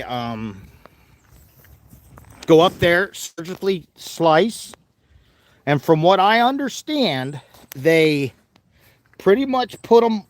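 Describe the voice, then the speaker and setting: A chatty man vlogging from his farm, with a somewhat high voice. He talks casually to the viewers and drops into soft coaxing tones for his animals, with animal noises in the background. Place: outdoors on a farm.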